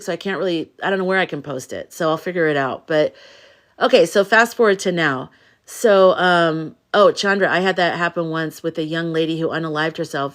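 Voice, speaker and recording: Middle-aged American woman, spiritual live-stream host; low-leaning voice, emotional, loose and chatty. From United States. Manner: rambling, confiding, emotional, many restarts. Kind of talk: casual chat on a live stream.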